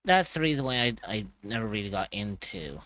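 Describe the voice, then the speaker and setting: A man's voice: on the low side, animated, brisk, fairly bright tone, no room sound. A man from Ireland streaming live, chatting casually, swearing freely and laughing often.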